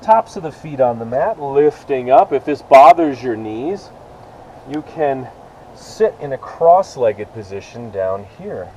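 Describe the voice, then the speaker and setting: A man teaching a beginner yoga class, calling out poses and breaths in relaxed, encouraging cues with casual asides. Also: medium pitch, a little slow, slight background noise, low-quality recording. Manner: relaxed, encouraging cueing with self-aware asides. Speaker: yoga instructor. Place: outdoors with rain and hummingbirds about.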